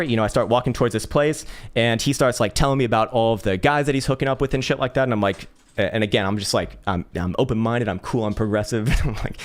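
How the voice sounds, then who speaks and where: A man from San Francisco casually telling a personal story, laughing often, swearing freely and repeating words as he goes. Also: mid-range voice. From San Francisco, USA.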